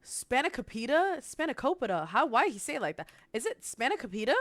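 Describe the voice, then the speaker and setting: A woman's voice: a little high, very animated, quick pace, fairly bright tone, dry recording. A woman streaming, reacting to a video in rambling casual chat, full of fillers and easy laughter.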